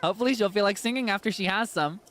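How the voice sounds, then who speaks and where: A man voicing an excitable, scatterbrained bird-folk child in a squeaky, breathless voice. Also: racing, slight background noise. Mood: flustered.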